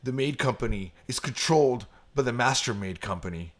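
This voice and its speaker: A middle-aged man co-hosting a podcast, telling an animated story in casual chat and mimicking high voices when he quotes people. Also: a little fast. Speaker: podcast co-host.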